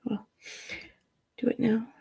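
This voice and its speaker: A slow, dark-toned woman's voice with a Midwestern American accent. She's the host of a relaxed livestream, meandering through her thoughts, using profanity and replying to chat messages.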